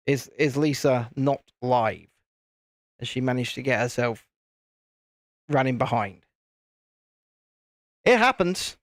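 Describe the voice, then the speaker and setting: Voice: mid-range voice, expressive, slow, long pauses, no echo, clean studio sound. A host chatting casually on a live stream while building, rambling and repeating phrases.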